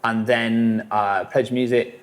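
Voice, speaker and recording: A man's voice: medium pitch, little pitch movement, slow. A man, a musician guest telling rambling stories in a casual interview, full of fillers and swearing.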